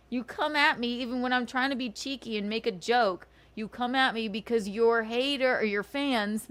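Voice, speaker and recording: Animated woman ranting sarcastically on stream. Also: on the high side. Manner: sarcastic, profane, laughing; indignant, scolding. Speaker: livestream host. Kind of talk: ranting livestream chat.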